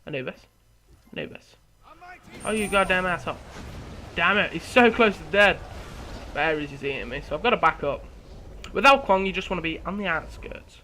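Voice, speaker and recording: Young guy talking through a match, chatty and self-mocking, bright, slightly high voice. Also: lively intonation, a little fast, a little hiss or hum. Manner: chatty, laughs at himself, restarts words. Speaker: gameplay commentator. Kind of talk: casual game commentary.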